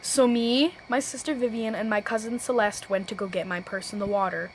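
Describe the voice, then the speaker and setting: A teenage girl telling a storytime vlog, rambling and restarting sentences, often saying "low-key.". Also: fairly even intonation, brisk, slight background noise, poor audio. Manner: self-correcting, restarts sentences. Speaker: vlogger.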